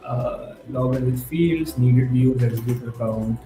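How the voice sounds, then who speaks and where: Excitable young man coding live. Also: medium pitch, a little slow. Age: 20s. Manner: excitable, thinks aloud, mixes in Hindi words. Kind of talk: live coding stream chat. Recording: roomy with faint music behind.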